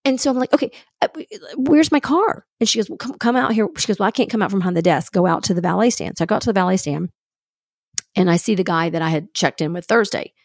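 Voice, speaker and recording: A woman's voice: on the low side, quick pace, gravelly, no room sound, studio quality. A woman co-hosting a podcast, telling a story in casual chat and acting out the other people's lines. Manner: animated storyteller, acts out quoted dialogue. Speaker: podcast co-host.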